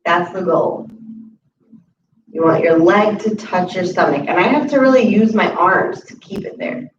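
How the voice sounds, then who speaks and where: In this guided chair yoga class, a woman's lowish voice calmly instructs each breath and move at normal speed. The recording sounds roomy, distant and muffled, with a faint hiss.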